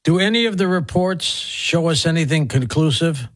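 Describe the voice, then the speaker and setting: A man's voice: on the high side, lively intonation, moderate pace. A man hosting a talk show, asking questions with a wry, joking touch. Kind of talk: interview questions.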